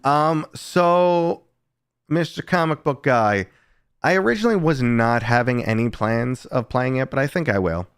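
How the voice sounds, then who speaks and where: A man in his thirties from the United States talks loosely on his live stream, telling stories and answering chat with casual swearing. His voice is smooth and resonant at a middle pitch. The sound is dry and close. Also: a little slow, no echo.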